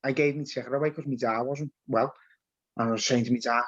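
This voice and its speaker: A man hosting a podcast, telling an anecdote in an animated, sweary way and calling people "lad". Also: mid-range voice, fast, husky, dry recording. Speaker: podcast host. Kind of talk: casual podcast chat. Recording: dull, dry lo-fi podcast audio.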